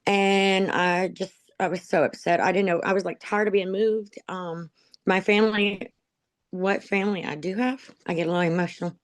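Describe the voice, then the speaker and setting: A woman gives a personal testimony close to the mic in a dry, deadened room. She rambles through her memories with plenty of ums and little laughs at herself, at a middling pitch, and turns emotional as she talks. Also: fairly even intonation, moderate pace, no room sound. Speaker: interviewee, dog program graduate. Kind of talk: personal testimony, conversational storytelling.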